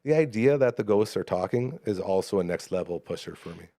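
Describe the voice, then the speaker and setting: A man's voice: deep voice, fairly quick, no echo, studio quality. A man hosting a live podcast, casual and slangy, joking about his own fears. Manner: relaxed, slangy, self-deprecating. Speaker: podcast host. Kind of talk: casual chat.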